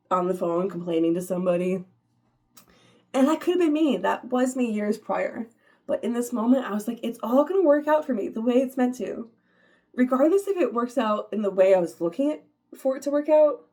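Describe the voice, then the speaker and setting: A woman, giving a casual, upbeat motivational talk to her viewers, full of "like" fillers and laughter. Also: a little high. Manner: chatty, upbeat, many "like" fillers, laughs often. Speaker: vlogger.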